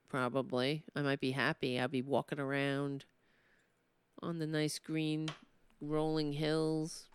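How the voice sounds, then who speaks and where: A woman's voice: deep voice, clean tone, dry recording. A woman hosting a political commentary show with a New York accent, talking in a sardonic monologue that builds into impassioned ranting.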